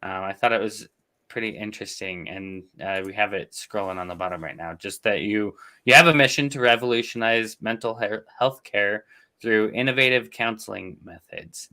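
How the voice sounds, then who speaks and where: A man's voice: on the low side, normal speed, bright, forceful tone, smooth. A man hosting an interview show, asking rambling questions with many fillers. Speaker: host. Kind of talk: casual interview chat.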